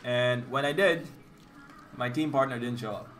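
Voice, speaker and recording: A young man streaming a casual storytime rant. He talks in an animated, exasperated way, swears freely and acts out the other people in the story. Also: mid-range voice, moderate pace, a little hiss or hum. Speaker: competitive gamer streamer.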